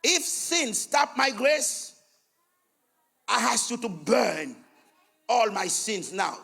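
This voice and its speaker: Raspy Haitian pastor shouting a fervent sermon. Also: male voice, high voice, animated, slow. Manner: switches between English, French and Creole, chants repeated phrases. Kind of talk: fervent sermon, leading prayer.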